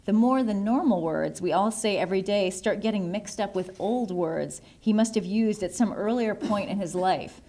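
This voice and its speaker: A woman narrating a novel in the first person, wry and measured. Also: mid-range voice. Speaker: audiobook narrator.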